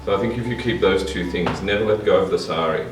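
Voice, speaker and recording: A man's voice: low-pitched, fast, music in the background. A man earnestly sharing advice and repeating his key points. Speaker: interviewee. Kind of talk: reflective advice. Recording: echoey, distant mic.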